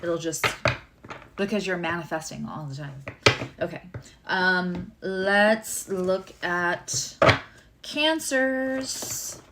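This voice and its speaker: A woman's voice: on the low side, extremely slow, pauses often, heavy background noise. A woman giving a casual live tarot and astrology reading, chatty and rambling with many fillers and asides.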